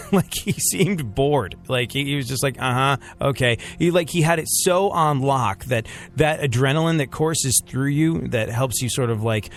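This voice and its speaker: A man's voice: mid-range voice, moderate pace. A man co-hosting a radio show, joking in casual banter with sarcastic asides and lots of fillers.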